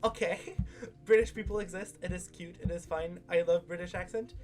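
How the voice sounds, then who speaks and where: Casual host, rambling recap, many fillers, mid-pitched voice, faint music behind. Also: steady tone, normal speed. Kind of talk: casual video discussion.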